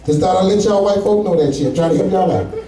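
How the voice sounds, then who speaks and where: A man's voice: sits high, quick pace, music in the background. A man doing a stand-up comedy set, telling loose, profane stories with asides to the audience. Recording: echoey room, far from mic.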